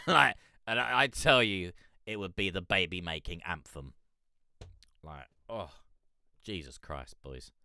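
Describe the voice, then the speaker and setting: A young man hosting a live music review stream, chatting in a rambling, excitable way. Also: deep voice, no echo, studio quality. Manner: rambling, excitable, peppered with "mate". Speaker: music review show host. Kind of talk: casual live-stream commentary.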